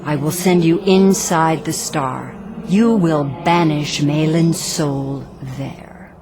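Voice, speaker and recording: A woman voicing a solemn, immortal goddess in a game, who addresses a mortal in a slow, commanding manner. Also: sits low, noisy background.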